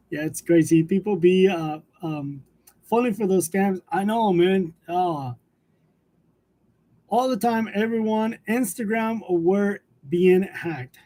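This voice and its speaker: A high-pitched, mellow-toned man speaks slowly as he hosts a relaxed live chat for his graphic design channel's viewers. He tells loose stories and chuckles between almost every sentence, recorded on a wireless lavalier mic.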